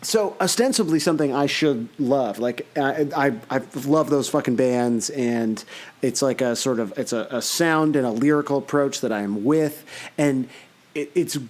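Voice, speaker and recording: A man co-hosting a podcast in casual chat, animated and mock-outraged, swearing a lot. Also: mid-range voice, normal speed. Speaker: podcast co-host.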